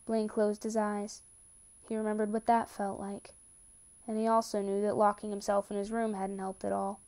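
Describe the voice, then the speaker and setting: A woman reading a romance story aloud with steady, calm narration. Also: mid-range voice, moderate pace. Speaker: reader. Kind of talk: reading fan fiction aloud.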